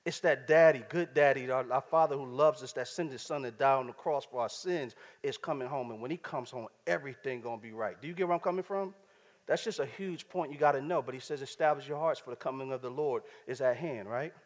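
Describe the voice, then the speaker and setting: A man's voice: medium pitch, fairly quick. Slangy preacher man in a reverberant hall. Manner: casual street slang, rhetorical check-ins. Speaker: pastor. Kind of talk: sermon.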